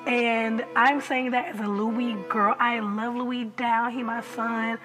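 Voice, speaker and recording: Slow-talking chatty woman reviewer. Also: a little high, over music, poor audio. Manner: chatty, animated, laughs often, many "like" fillers. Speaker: TV episode reviewer. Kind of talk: casual reaction vlog.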